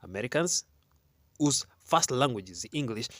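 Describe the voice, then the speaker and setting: A man's voice: mid-range voice, animated, moderate pace, a bit bright, dry recording. Kenyan-accented male host, rhetorical and opinionated, dry close sound. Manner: rhetorical, argumentative, asks questions. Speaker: show host. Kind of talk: opinionated commentary to camera.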